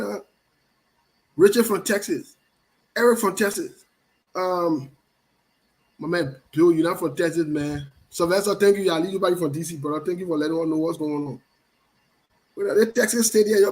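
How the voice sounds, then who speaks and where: A man, his voice sitting high for a man, hosts a loose live show and greets his viewers one by one. He teases them playfully and circles back over his own phrases. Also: a little mellow, low-quality recording. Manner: playful, teasing, repeats phrases. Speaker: show host. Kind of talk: casual live-stream chat greeting viewers.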